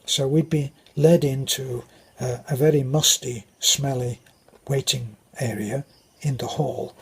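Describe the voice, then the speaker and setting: An older man with a British accent tells anecdotes in a rambling, casual way. His voice is very husky and breathy. His pitch sits in the middle range. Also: steady tone, measured pace. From Britain. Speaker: vlogger. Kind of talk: casual storytelling.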